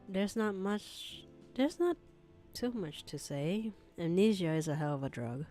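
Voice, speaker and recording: A woman's voice: mid-range voice, animated, unhurried, darkish tone, soft background music. A young woman doing voice acting practice, reading her heroine's lines in a dry, sarcastic, casual way. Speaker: hobby voice actor reading a romance script.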